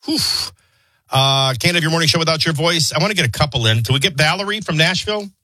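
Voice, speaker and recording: A man's voice: on the high side, expressive, bright, forceful tone, no room sound. A man hosting a morning radio talk show, reading news and chatting with callers in a wry, conversational way while he has the hiccups. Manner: quick, conversational, wry asides.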